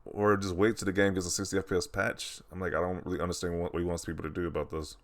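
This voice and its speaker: A man's voice: deep voice, flat delivery, very fast. A young man hosting a gaming channel, rambling in casual commentary with lots of "like" and incredulous questions.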